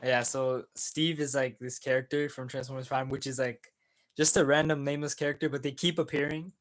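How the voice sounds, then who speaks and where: A young man co-hosting a livestream, casually reading out chat comments with many pauses and fillers. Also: medium pitch, flat delivery, low-quality recording. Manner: easygoing, hesitant, many fillers.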